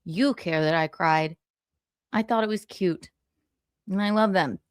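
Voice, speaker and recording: A woman hosting a casual livestream, reading viewer comments out loud in a brash, profane, giggly way. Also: lowish voice, a little slow, clear, resonant tone, no echo, clean studio sound. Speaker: livestream host.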